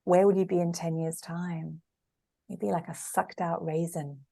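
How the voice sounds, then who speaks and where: A woman's voice: lowish voice, level tone, a little slow, vocal fry, mellow. A woman coach talking in a casual podcast interview, earnest and emphatic, repeating words for stress.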